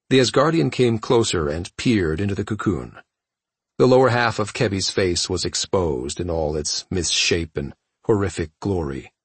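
A man narrating a science fiction audiobook in a steady storytelling manner. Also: low-pitched, normal speed, husky, dry recording. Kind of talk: scripted narration.

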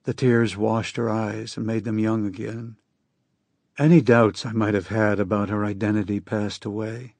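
Gravelly husky guy reading a story slow, dry booth sound. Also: lowish voice, level tone, darkish tone, no echo. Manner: slow, measured, somber reading. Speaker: audiobook narrator. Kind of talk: first-person literary narration.

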